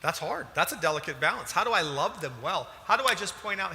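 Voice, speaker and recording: Man, pastor, animated sermon, fairly high bright voice, reverberant church hall. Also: quick pace, few pauses. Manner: animated, emphatic preaching with sudden loud bursts.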